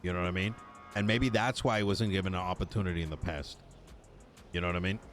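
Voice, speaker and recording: A man's voice: sits low, fairly even intonation, fast, a bit bright, soft background music. A man chatting casually in character during a roleplay stream, often asking "you know what I mean".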